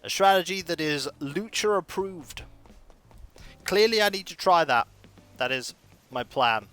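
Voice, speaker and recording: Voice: mid-range voice, lively intonation, unhurried, fairly bright tone, faint music behind. A streamer giving playful, chatty commentary while playing a cozy life-sim game and reading its text aloud. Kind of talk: casual gameplay commentary.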